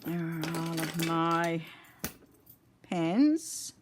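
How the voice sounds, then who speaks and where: An older woman talks her viewers through a craft project at home. She speaks slowly and a little low, sounding tired between yawns. Her talk is chatty and rambling, and she is picked up by a phone camera. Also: expressive, a little hiss or hum. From Newfoundland, Canada. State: tired, yawning. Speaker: crafting vlogger. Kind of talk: casual chat while crafting.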